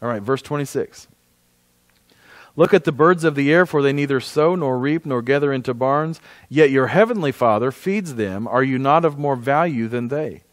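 A man's voice: medium pitch, moderate pace, no echo. A man preaching a conversational sermon as pastor, often asking the congregation for an amen. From United States.

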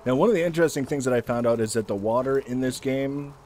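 A man's voice: medium pitch, fast talker, darkish tone, slight background noise. A man giving casual let's-play commentary as he plays, making wry, joking asides. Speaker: gameplay commentator.

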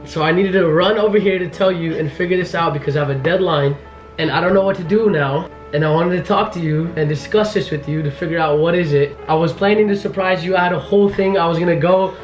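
A young man in his twenties talking fast as a vlogger, frantic and pleading with nervous laughs. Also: a little high, steady tone, echoey room, dull audio, soft background music. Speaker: vlogger, law student. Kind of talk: casual vlog talk.

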